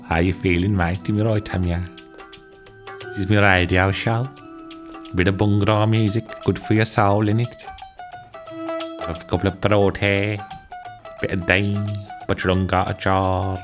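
Brief: man, radio host, slangy storyteller, fairly low voice, music playing behind. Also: level tone, measured pace, pauses often. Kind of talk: comic radio monologue.

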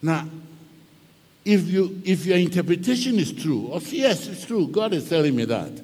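A man's voice: high voice, big pitch swings, normal speed, a little mellow, breathy edge, long reverb tail. A male preacher, telling a story in a sermon and mixing English with Twi. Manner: dramatic storytelling, switching between English and Twi.

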